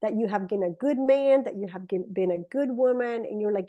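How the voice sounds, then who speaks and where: A middle-aged woman, a native Spanish speaker, telling a personal story in a casual, animated way and jumping into high, excited voices when she quotes people. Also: normal speed, hardly any pauses, muffled recording. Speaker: speaker sharing a testimony.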